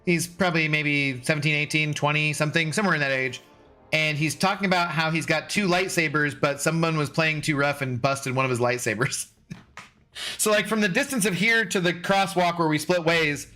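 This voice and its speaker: A Washington State, USA man in his forties chats casually with viewers while reading his livestream chat, profane, loose and often laughing. He speaks briskly in a slightly high voice with a sharp tone.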